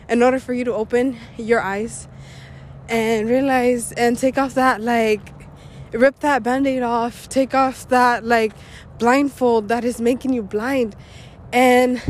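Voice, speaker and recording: A woman's voice: fairly high pitch, fairly even intonation, unhurried, slight background noise. A young woman hosting her own talk show, rambling candidly and swearing freely, a little out of breath after a run. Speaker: podcast host. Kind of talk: casual personal monologue.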